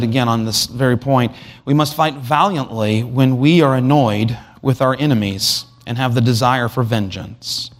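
A man preaching an expository sermon, asking rhetorical questions and reading scripture aloud. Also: medium pitch. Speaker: pastor.

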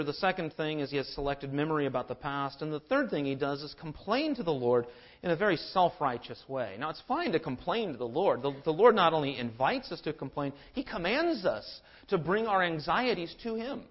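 A man's voice: on the high side, highs cut off. A man preaching a sermon in an earnest manner, often repeating words as he stresses a point. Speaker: pastor.

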